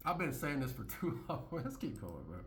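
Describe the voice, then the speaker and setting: Blunt man with a lively, swinging voice. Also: normal speed, slight background noise. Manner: blunt, repeats phrases, swings into high mocking voices. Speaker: commentator reacting to a video. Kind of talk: casual reaction commentary.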